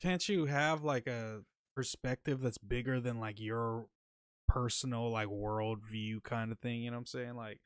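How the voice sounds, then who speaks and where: A man hosting a livestream podcast talks in a loose, slang-heavy way and says bro a lot. His voice is smooth and resonant. The sound is close and dry, with no room around it. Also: mid-range voice, steady tone, unhurried, no room sound. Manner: laid-back and slangy, reads chat aloud, keeps saying bro. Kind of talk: casual livestream chat.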